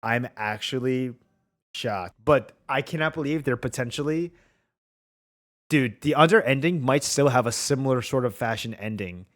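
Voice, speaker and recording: A man streaming a game reaction rant, excitable and profane, constantly calling out bro and dude. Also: mid-range voice, moderate pace. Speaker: gaming streamer. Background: game music.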